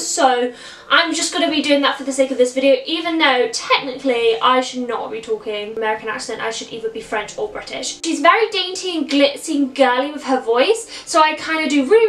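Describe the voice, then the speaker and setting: A woman with a high voice walks through her makeup, wig and costume in a chatty, upbeat way. She explains each step as she goes. The room is echoey and the mic sits some distance from her. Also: fairly bright tone. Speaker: costume character performer. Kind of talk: casual makeup and costume tutorial.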